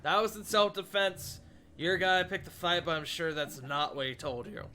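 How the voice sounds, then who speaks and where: A man's voice: sits high, moderate pace, pushed and bright, slight background noise. A man voicing a weary, laid-back male gunman in a tabletop game, speaking dryly.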